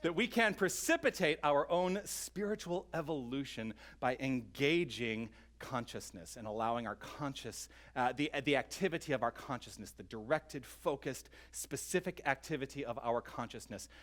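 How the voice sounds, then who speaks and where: A man's voice: mid-range voice, animated, moderate pace, few pauses, a bit bright. A man leading an online sermon as minister, earnest and inviting, speaking straight to his listeners and a little out of breath. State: slightly out of breath.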